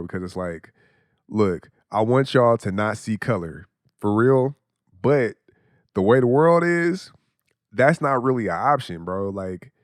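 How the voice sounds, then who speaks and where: A man's voice: mid-range voice, no echo, clean studio sound. A young adult man hosting a podcast, talking in a blunt, profane, casual monologue and laughing often. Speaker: podcast host.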